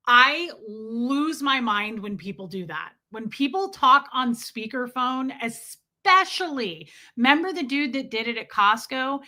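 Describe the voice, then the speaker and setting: A woman in her forties hosting a live stream, telling stories in an animated, exasperated, chatty way. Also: high voice, measured pace, hardly any pauses. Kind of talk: casual live stream storytelling.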